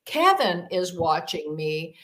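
A woman's voice: lowish voice, big pitch swings, takes it slowly, a bit bright. A woman guest telling a personal story in an interview, rambling with many fillers and acting out the voices she quotes. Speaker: podcast guest, demonologist.

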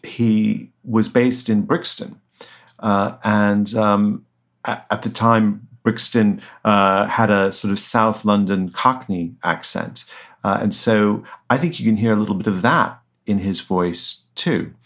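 Author guy answering slowly, lots of uh and um, lowish voice. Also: steady tone, a bit bright. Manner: hesitant, many fillers and restarts, chuckles. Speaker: author guest. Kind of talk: interview answers.

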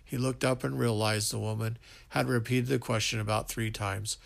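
A man reads a story aloud in a voice with a rough, gravelly texture, pitched around the middle. His delivery is unpolished, with small slips and restarts along the way. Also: steady tone, normal speed. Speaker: narrator.

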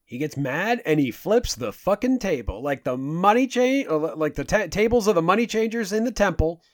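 Male podcast co-host, irreverent and loose, a bit high-pitched, dry. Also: very animated, normal speed, dry recording. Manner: loose, irreverent, swears freely. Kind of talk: casual film discussion.

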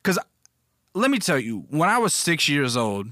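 A man's voice: fairly high pitch, big pitch swings, moderate pace, a bit bright, dry recording, clean studio sound. A young man telling a story in a casual, blunt and profane rant, acting out other people's voices as he goes. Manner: profane, blunt, acts out voices in his stories.

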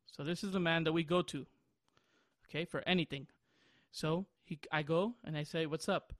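Young guy podcast host, high voice, rambly, laughs a lot mid-story. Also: fairly even intonation, moderate pace, fairly bright tone, no room sound, clean studio sound. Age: 20s. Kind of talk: casual chat.

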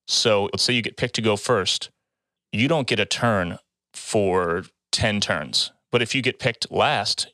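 A man hosting a casual podcast, explaining the draft rules in a relaxed way. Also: on the low side, no echo. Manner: laid-back, explains rules, laughs often. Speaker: podcast host and draft moderator. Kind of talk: casual chat.

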